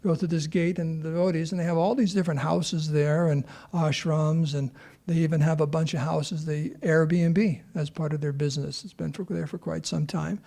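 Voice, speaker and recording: A man's voice: on the high side, steady tone, moderate pace, creaky, dark tone. A man giving an informal scripture class, chatty and rambling as he tells stories and takes questions.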